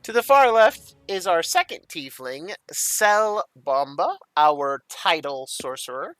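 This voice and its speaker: A man's voice: on the high side, expressive, slow pace, a bit bright, no echo, faint music behind. A man running a tabletop game as game master, enthusiastic and rambling as he introduces the players.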